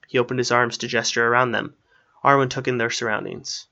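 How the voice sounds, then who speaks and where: A man narrating a fantasy story aloud in a steady storytelling manner. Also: medium pitch, brisk, vocal fry, muffled recording.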